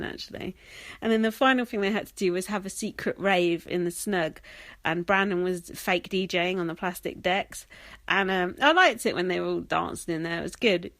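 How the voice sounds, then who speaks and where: A woman's voice: mid-range voice, a bit bright, no echo. A young woman hosting a podcast recap in casual chat, sweary and laughing often, slightly wheezy and coughing. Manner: chatty, sweary, laughs often, many ums and likes. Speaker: podcast host.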